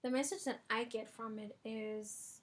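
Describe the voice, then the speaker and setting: Slow-talking chatty young woman vlogger. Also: a little high, steady tone. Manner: chatty, lots of filler ums. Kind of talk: casual music review vlog. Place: bedroom at home.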